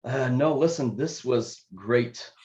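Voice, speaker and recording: Man, guest writer, casual and appreciative, middle pitch. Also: takes it slowly, a little mellow, lo-fi sound. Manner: brief, appreciative replies. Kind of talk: casual conversation.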